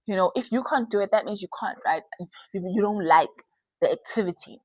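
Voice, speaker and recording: A woman's voice: medium pitch, fairly quick, darkish tone, no room sound, rough recording. A young woman hosting a podcast, giving candid advice in a casual chat and laughing often. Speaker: podcast host.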